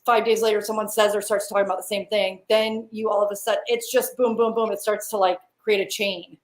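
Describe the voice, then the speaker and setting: A woman's voice: medium pitch, flat delivery, fairly quick. A woman, a psychic and healer, talking in a casual chat, earnest and thoughtful, often restarting her sentences.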